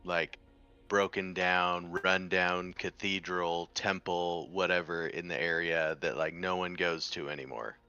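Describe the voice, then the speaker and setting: A man's voice: deep voice, steady tone, measured pace, pushed and bright, clear, resonant tone, faint music behind, exaggerated voice. A man voicing a blunt, worn-out cat-like adventurer in a tabletop game, through a muffled mic. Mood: exasperated. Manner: blunt, exasperated. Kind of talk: tabletop game role-play.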